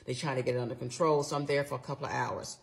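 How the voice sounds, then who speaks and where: A woman's voice: rumbling low, fairly even intonation, racing, creaky. A middle-aged woman vlogger telling a personal story in a casual storytime style, emotional and blunt, swearing freely and talking straight to her viewers.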